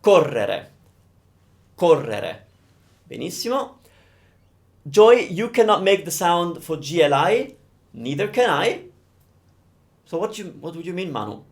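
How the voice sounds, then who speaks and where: Italian guy teaching pronunciation live, bit high voice, bouncy, drags out the sounds. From Italy. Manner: animated, drawn-out demonstrations of sounds. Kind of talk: live-streamed pronunciation lesson.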